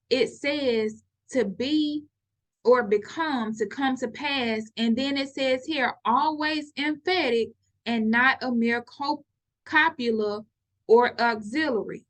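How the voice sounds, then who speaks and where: A woman teaching a scripture study over her screen, slowly reading out word definitions with many pauses and fillers, and growing insistent when she preaches. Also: a little high, a bit bright. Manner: slow, reads definitions aloud, many fillers. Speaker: religious teacher.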